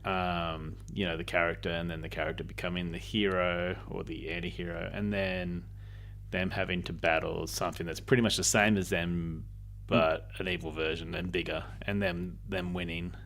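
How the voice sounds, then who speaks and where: A man with an Australian accent chatting casually as podcast co-host, rambling and halting, often restarting his sentences. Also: low voice, flat delivery, vocal fry, a bit bright, slight background noise. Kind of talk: casual chat.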